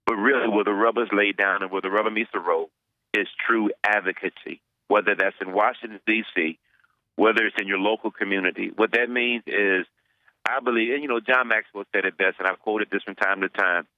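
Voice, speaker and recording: A man's voice: on the low side, steady tone, a little fast, no echo, narrow, tinny audio. A man, a pastor, answering interview questions earnestly, often repeating words as he searches for them.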